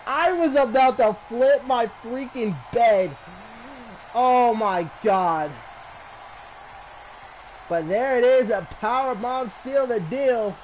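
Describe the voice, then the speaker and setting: A man commentating a wrestling match as a fan, emotional and shouting at the action. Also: very high voice, slow pace, long pauses, slight background noise, poor audio. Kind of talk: excited fan commentary on a video game match.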